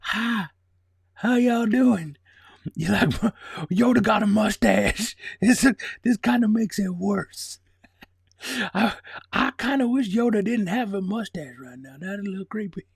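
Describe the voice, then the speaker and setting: A man on a livestream voicing a creepy, wizened little alien sage with a husky, croaking voice. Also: high voice, dry recording, clean studio sound, voice pushed up, exaggerated voice. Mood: creepy amused. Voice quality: gravelly, husky, slow croak.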